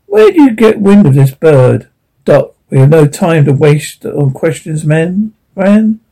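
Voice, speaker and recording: A man's voice: a little high, sing-song, measured pace, vocal fry, dark tone, heavily acted, rough recording. A man reading a prim, reproving old doctor.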